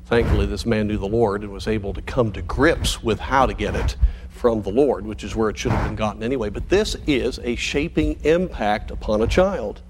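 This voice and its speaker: A man preaching a sermon as a pastor, earnest and pastoral, slowing down to stress key points and speeding up through asides. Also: lowish voice, a little hiss or hum. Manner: earnest, pastoral, shifts between slow emphasis and quick asides.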